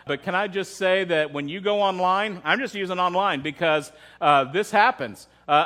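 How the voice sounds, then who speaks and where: A high-pitched man delivers a church sermon as pastor. His talk is loose and conversational, with frequent questions to the listeners and repeated words as he finds his way through a thought. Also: fairly bright tone. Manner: conversational, asks the congregation questions.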